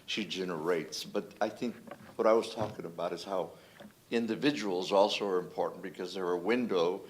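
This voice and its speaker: A man with a very low voice speaks on an academic panel. He lays out his point deliberately, with faint noise behind him.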